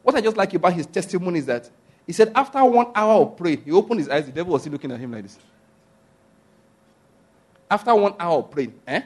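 Husky-voiced preacher man, emphatic. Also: sits high, very animated, quick pace, long pauses. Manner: emphatic, repeats key phrases, asks the listeners questions. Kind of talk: sermon.

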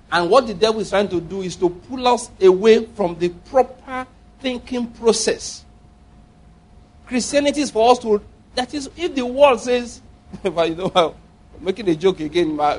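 A man preaching a sermon to a congregation, jokey and digressive, often repeating himself as he explains. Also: high-pitched. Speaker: pastor.

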